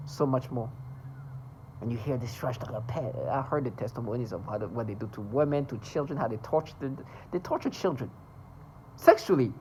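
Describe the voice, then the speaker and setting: A vlogger speaking in an emotional monologue, agitated and swearing, swinging between loud bursts and low mutters. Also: a little hiss or hum, low-quality recording.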